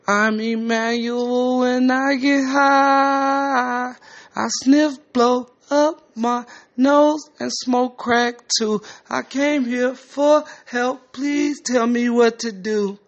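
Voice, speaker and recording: A man voicing an eccentric rehab patient who speaks in a fake British accent and sings in a high falsetto, on a slightly muffled lo-fi recording. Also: fairly even intonation, a little slow, fairly bright tone. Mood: singing. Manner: sudden leaps to a high singing voice.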